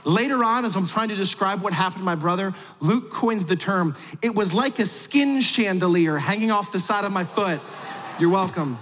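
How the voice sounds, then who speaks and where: A man preaching a sermon, telling a family story with jokes and big swings between quiet and loud. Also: moderate pace. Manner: animated storyteller with big swings in pitch and loudness; humorous asides. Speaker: pastor. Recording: long hall reverb.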